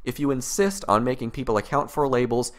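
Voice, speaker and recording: A man hosting a commentary video, rebutting clips in a mocking, exasperated tone. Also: brisk. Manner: mocking, exasperated, mimics opponents in high voices.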